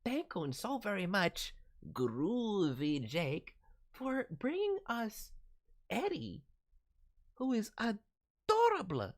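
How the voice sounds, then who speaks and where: Woman streamer, slow delivery, enthusiastic with stammering fillers, voicing fan characters. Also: mid-range voice, huge pitch swings. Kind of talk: live-stream chat.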